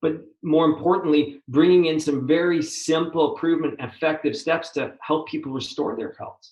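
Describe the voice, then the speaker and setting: A man hosting a conversational interview, earnest and animated, often restarting his phrases. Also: on the high side, normal speed, reverberant, poor audio. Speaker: host.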